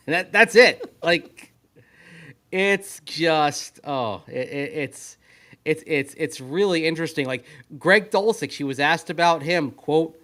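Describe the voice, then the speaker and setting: A man's voice: on the high side, slow pace, a bit bright. A man co-hosting a sports radio show, talking through football analysis in a skeptical, analytical way. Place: at a league meeting venue.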